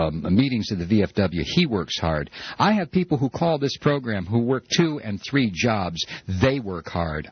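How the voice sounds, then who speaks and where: A man's voice: on the low side, breathy edge, no room sound. A man hosting a call-in talk radio show, ranting in repeated build-ups. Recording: dull broadcast audio.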